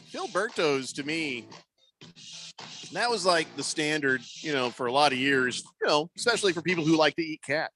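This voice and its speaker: A man's voice: fairly high pitch, lively intonation, moderate pace, bright, forceful tone, soft background music. A man hosting a sports radio show, chatting casually, joking and reading out listener texts. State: losing his voice. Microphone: studio microphone.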